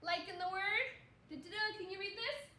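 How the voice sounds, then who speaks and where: A woman teaching a phonics lesson to second graders, sounding out letters slowly and encouraging them to repeat. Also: very high-pitched, sharp tone, reverberant, recorded from a distance, slight background noise. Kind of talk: phonics lesson for young children.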